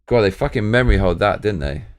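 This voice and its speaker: A man's voice: on the low side, animated, fast, soft background music. A British man hosting a live stream, rambling casually with plenty of swearing and slang.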